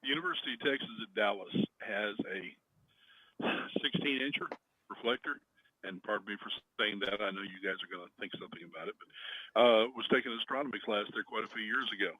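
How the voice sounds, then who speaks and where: A man's voice: lowish voice, fast talker, sharp tone, rough recording. A man who is a guest on a talk radio show, explaining his point with confidence in a matter-of-fact way. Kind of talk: casual talk radio chat.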